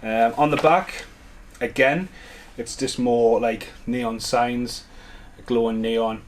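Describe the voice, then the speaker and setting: A man's voice: medium pitch, steady tone, takes it slowly. A man giving a casual, rambling unboxing chat at home as a collector vlogger, with enthusiastic asides.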